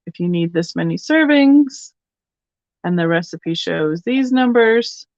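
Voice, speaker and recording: This woman has a lowish, darkish voice with lively intonation and a measured pace, recorded without echo. She's casually chatting through a live online vintage auction, musing aloud as she displays things and accepts bids, all captured in somewhat dull, lo-fi sound.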